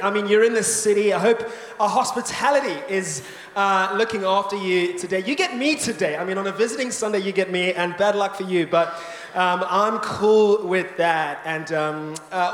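A man preaching a lively, rousing sermon to a church congregation, with joking asides. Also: sits high, background noise. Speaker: pastor. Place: large church hall. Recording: reverberant church hall.

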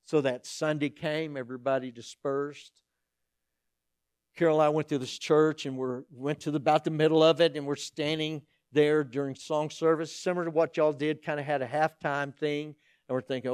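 Middle-aged male pastor, animated humorous sermon storyteller, slightly high voice, dry close sound. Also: normal speed, smooth, dry recording.

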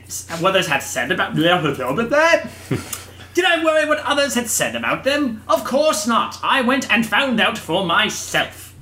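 A man's voice: high voice, pushed and bright, heavily acted. A man doing a pompous posh British explorer. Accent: posh British, put on. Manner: blustering, grandiose, indignant. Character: pompous posh old-fashioned gentleman explorer, a sea slug. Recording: roomy echo.

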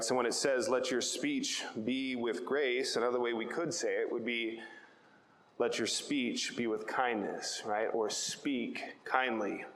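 A man preaching in a relaxed, conversational way who keeps checking in with "right?" and tells family stories. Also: medium pitch. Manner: checks in with "right?" after nearly every point. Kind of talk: conversational Bible teaching. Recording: echoey hall with long reverb, faint hiss.

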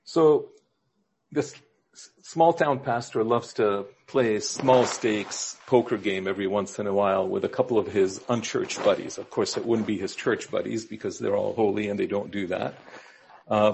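A man preaching a sermon, telling jokes in a storytelling way and acting out the quoted characters with rises in pitch. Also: vocal fry, slight background noise. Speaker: pastor.

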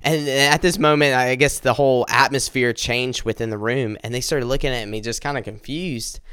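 A man earnestly telling a personal faith testimony, halting and restarting as he speaks directly to his listeners. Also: medium pitch, steady tone, fairly bright tone, clear, resonant tone, no room sound, studio quality.

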